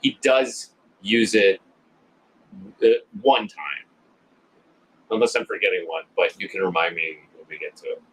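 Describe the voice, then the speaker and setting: A man's voice: low-pitched, unhurried, pauses often, a bit bright, breathy edge, poor audio. A man co-hosting a casual podcast, joking crudely about a slasher movie and often acting out characters' lines. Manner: joking, laughs often, acts out quoted lines. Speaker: podcast co-host.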